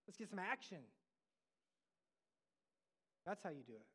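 A man's voice: high voice, sing-song, measured pace, pushed and bright, breathy edge. A man preaching a sermon as pastor, in a conversational style that acts out quoted voices. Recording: long hall reverb.

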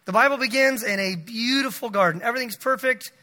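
A man preaching a sermon to a church congregation, animated and emphatic, slowing down to stress key words. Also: extremely high pitch. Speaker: pastor. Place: church sanctuary. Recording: long hall reverb.

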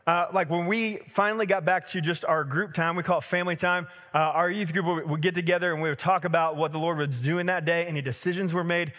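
High-voiced man preaching in a hall. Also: quick pace, few pauses. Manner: conversational, energetic storytelling with many fillers. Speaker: pastor. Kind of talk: sermon.

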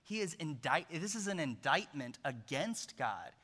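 A man preaching a sermon in a forceful, tense voice that sits a little high. He tells the story in an animated way and drops jokes along the way. A long hall reverb trails each phrase. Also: measured pace.

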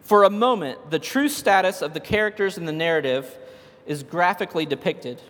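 A man with a fairly high voice preaches a sermon, retelling old stories in a loose, conversational way. He builds to emphatic, insistent peaks. His voice rings out with a long reverb, as in a large church hall. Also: lively intonation, normal speed, a bit bright.

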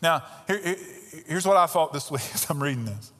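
A man's voice: on the high side, animated, fairly quick, fairly bright tone. A man preaching a sermon as pastor, emphatic and conversational, with pointed rhetorical questions. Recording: long reverb of a large hall.

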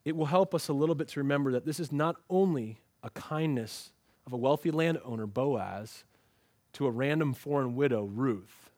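A man's voice: medium pitch, moderate pace, a little mellow, no echo. A man preaching an expository sermon, telling the story with energy and acting out the lines he quotes. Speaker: pastor.

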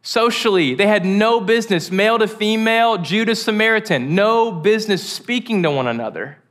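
A man preaching a sermon, animated and joking, acting out the quoted voices. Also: high-pitched, normal speed.

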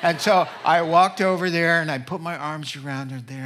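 A man in middle age delivers a sermon full of jokes and stories, and he keeps turning straight to his listeners. His voice sits a little high and rings bright and forceful. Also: fairly even intonation, normal speed, few pauses, slight background noise. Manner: joking, storytelling, addresses the audience directly. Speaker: pastor. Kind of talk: humorous sermon.

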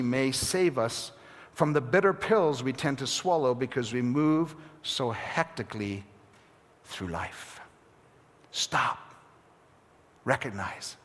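A man preaching a sermon as pastor, swinging between hushed, near-whispered phrases and emphatic calls. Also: on the high side, big-room sound.

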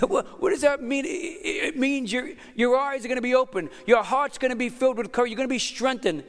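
A man in his fifties, a pastor preaching a sermon in a conversational, energetic way, with joking asides to the congregation. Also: very high-pitched, brisk, long reverb tail. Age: 50s. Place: church hall.

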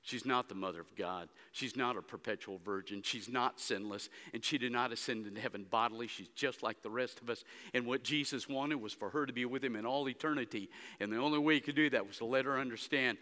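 Forceful man preaching in an echoing church. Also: mid-range voice, brisk, hardly any pauses. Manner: dramatic preaching, swinging between hushed and loud emphatic stretches. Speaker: pastor. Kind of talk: sermon. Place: church sanctuary. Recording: long hall reverb.

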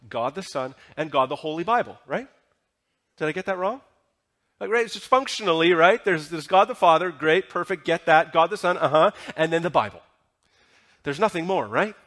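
Guy pastor preaching in church, kinda high voice, chatty, keeps asking the crowd stuff. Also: a bit bright. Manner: conversational, asks the congregation questions. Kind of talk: sermon. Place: church sanctuary.

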